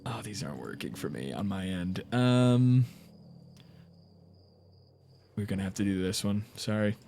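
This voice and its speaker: A man's voice: low-pitched, animated, fairly quick, vocal fry, warm tone, faint music behind. A man narrating as game master on a live stream, vivid and descriptive, with frequent uhs and restarts.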